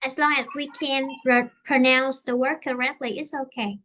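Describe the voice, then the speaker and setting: High, bright Vietnamese-accented woman teacher. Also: fairly even intonation, normal speed, dull audio. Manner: hesitant, searching for words, many fillers. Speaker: English teacher. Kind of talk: online English lesson conversation.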